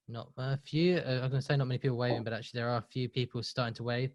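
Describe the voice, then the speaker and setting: A man's voice: mid-range voice, fairly even intonation, fast, few pauses, no room sound. A man hosting a live webinar, upbeat and chatty, running a quiz with the audience. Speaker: webinar host.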